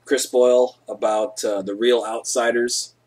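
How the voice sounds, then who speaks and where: Laid-back and unhurried, this young live stream host shares stories casually, cursing freely and raising his voice when he acts things out. He speaks in a mid-range voice with a level tone.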